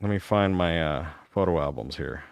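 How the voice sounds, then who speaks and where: A man's voice: deep voice, normal speed, creaky, no echo, clean studio sound. A man in his fifties from Texas, hosting a live talk show and animatedly telling school stories to a caller. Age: 50s. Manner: animated, reminiscing storyteller.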